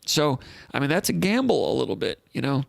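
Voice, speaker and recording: A man's voice: medium pitch, big pitch swings, a little fast, vocal fry, no echo, studio quality. A man hosting a live call-in sports show in a casual, rambling way, reading out comments and thinking aloud.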